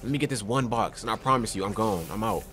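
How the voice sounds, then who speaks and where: A young man giving excitable let's play commentary on a horror game, talking to his viewers and yelling at enemies on a desk microphone. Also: on the low side, quick pace, a little hiss or hum. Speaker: gaming youtuber.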